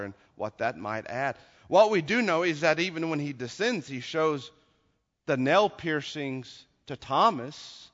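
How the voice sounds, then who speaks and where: A man preaching a sermon, dramatic and storytelling, dropping low for grim details and shouting at the climaxes. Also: normal speed. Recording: lo-fi recording with long hall reverb.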